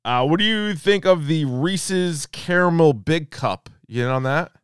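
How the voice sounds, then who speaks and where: A man's voice: on the high side, lively intonation, measured pace, clear, resonant tone, no room sound, studio quality. A man in his thirties co-hosting a podcast in casual chat, laughing often and swearing freely. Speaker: podcast co-host.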